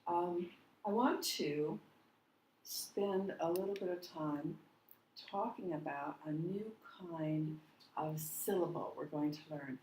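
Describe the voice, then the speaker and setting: Slow, low-voiced woman teaching phonics. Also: darkish tone, roomy sound, a little hiss or hum, low-quality recording. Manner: patient, deliberate, models words slowly. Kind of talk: phonics lesson to a class. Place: classroom.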